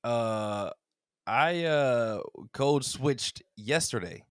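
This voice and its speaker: A podcast co-host tells stories in casual chat, acting out the quotes he relates and laughing often in animated storytelling. His mid-range voice is clear and resonant with drawn-out words, in a dry, studio-quality recording.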